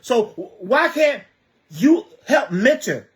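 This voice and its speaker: A man's voice: very high voice, big pitch swings, takes it slowly. A man giving an impassioned livestream monologue, firing rhetorical questions, repeating himself and stammering as he reads viewer comments. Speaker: livestreamer speaking on community youth programs.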